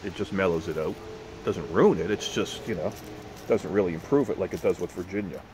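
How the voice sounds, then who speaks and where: A man with a very low, deep voice rambles through a casual vlog, restarting sentences and dropping curses as he goes. Faint road noise hums behind him. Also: a little fast, darkish tone, rough recording. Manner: rambling, profane, self-correcting. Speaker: pipe tobacco vlogger.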